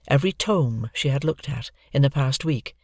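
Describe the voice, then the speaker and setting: Expressive children's audiobook narrator. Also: medium pitch, moderate pace, no room sound, studio quality. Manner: lively, expressive storytelling. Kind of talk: scripted narration of a children's novel.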